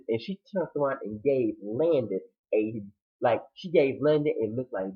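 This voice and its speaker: A man gives a lively, dramatic recap of a TV episode, jumping into the characters' voices and his own reactions as he goes. His voice sits in an ordinary middle pitch. The audio is thin and narrow, like it came over a phone line. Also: moderate pace. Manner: animated, dramatic retelling with quoted reactions. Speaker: TV show reviewer. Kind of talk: casual recap review.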